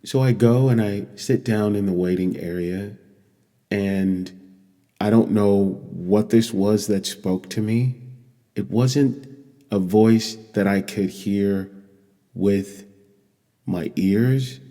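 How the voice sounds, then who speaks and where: A man telling a personal story in an earnest, measured way, with long pauses. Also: lowish voice, mellow. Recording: long echoey reverb.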